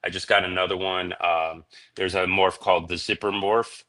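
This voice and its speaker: A man's voice: sits low, level tone, normal speed, bright, forceful tone. A man guesting on a podcast, telling stories in a laid-back, rambling way, dropping "man" and "dude" constantly. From Florida. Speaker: reptile breeder, podcast guest. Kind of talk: casual storytelling chat.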